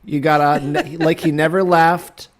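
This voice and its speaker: A man's voice: fairly high pitch, flat delivery, measured pace. A man co-hosting a comedy show, wry and swearing casually while recapping a prank call. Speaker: co-host.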